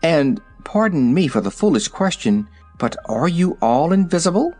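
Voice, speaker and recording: A courteous old wizard asks careful questions, as a male reader puts him on, his formal phrasing carried by a lively, lilting storybook voice. Soft music sits faintly behind. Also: on the high side, normal speed, husky, pitched above the performer's own voice. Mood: polite. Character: polite, earnest old male wizard traveler.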